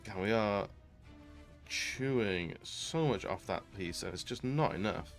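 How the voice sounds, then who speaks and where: A man's voice: lowish voice, lively intonation, unhurried, faint music behind. Chatty male streamer. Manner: chatty, laughing, greets chat warmly, many fillers. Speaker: variety streamer. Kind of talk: casual live-stream chat.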